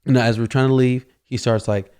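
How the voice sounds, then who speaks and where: A man's voice: medium pitch, fairly even intonation, normal speed, darkish tone, smooth. A man hosting a podcast, telling a casual story and rambling with constant "you know" fillers. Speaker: podcast host.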